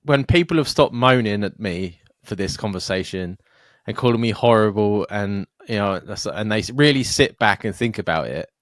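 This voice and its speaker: A man's voice: lowish voice, expressive, normal speed, few pauses, no echo, studio quality. A young man co-hosting a podcast, ranting and joking with plenty of swearing. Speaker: podcast co-host. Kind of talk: casual chat.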